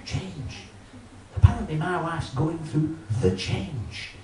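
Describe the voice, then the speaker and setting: A man doing an animated stand-up routine, talking straight to a live audience. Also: a little high, slow, a little hiss or hum. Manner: animated, addresses the audience, acts out voices. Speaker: stand-up comedian. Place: live comedy venue with audience. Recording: roomy live venue, mic from a distance.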